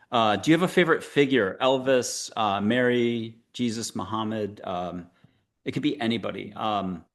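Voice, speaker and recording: A man hosts a spiritual talk show, leading guests and listeners through breathing and visualizations. He is playful and coaxing, slipping in dad jokes between calm guidance. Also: medium pitch. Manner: playful, jokey, coaxing guide. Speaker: show host. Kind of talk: guided meditation talk show.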